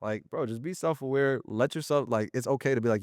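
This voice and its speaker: A man talking as an interview guest about running a sales business, in slangy, animated casual speech. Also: mid-range voice, fast, no echo, studio quality. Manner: slangy and animated, often acting out little quoted exchanges.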